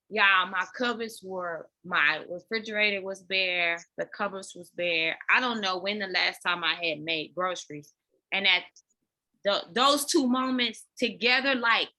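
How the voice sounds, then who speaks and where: A woman guest on a podcast, candidly telling her personal story in an animated way, often talking straight to listeners and repeating words as she goes. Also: medium pitch. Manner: animated, addresses listeners as y'all, repeats words when emotional. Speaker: podcast guest, dance fitness coach.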